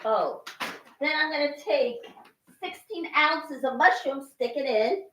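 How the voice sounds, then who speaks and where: A woman's voice: high voice, unhurried, a bit bright, echoey room, distant mic. A woman cooking at home, talking herself through each step with lots of exclamations while her eyes water from chopping. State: teary-eyed from chopping. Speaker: home cook. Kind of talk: casual cooking narration. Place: home kitchen.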